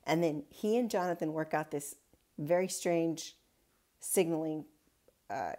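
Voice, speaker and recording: A woman's voice: low-pitched, a little slow, mellow. A woman pastor giving a casual daily Bible reflection, retelling the story in a chatty way with wry asides.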